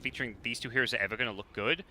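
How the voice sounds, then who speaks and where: A man with an extremely bright, sharp voice talks fast over a live esports match. He hands out blunt verdicts on the teams' picks. A faint noise runs in the background. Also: mid-range voice. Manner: quick, blunt opinions. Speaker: esports commentator. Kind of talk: casual game commentary.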